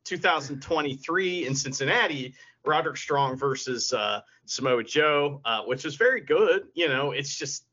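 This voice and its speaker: Animated, bright-voiced man telling stories. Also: a little high, moderate pace, few pauses. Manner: animated, laughs often, swears freely. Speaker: podcast co-host. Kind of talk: casual chat, storytelling. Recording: lo-fi podcast audio.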